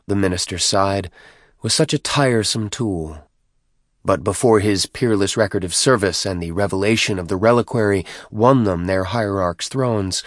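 A man with a fairly low voice narrates a novel in a measured, even way. The recording is dry and close, with no room sound. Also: no room sound. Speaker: audiobook narrator. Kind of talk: scripted narration.

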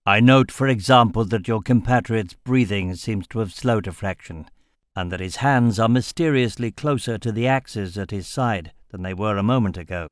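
Man playing a calculating merchant, slow and deliberate, low voice. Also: no echo, clean studio sound, lightly acted. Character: shrewd older male merchant, calculating and measured.

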